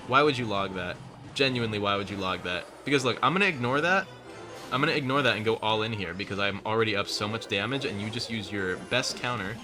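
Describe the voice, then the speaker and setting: A man giving live commentary over his own gameplay, quick, sarcastic and profane, with joking rants. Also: mid-range voice. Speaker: gaming streamer.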